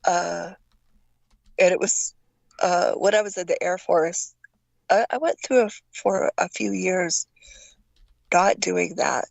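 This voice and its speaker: A woman's voice: lowish voice, slow, creaky, long pauses, no room sound, highs cut off. An older woman from Taiwan, a guest telling stories in a casual chat, stammering now and then and acting out voices. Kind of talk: casual storytelling.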